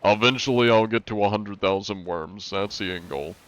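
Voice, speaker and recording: A young man talks in a loose, easygoing way while he plays, answering viewers' questions as they come in. His voice sits a little low. He sounds like a streamer chatting live. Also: moderate pace. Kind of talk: casual live-stream gaming chat.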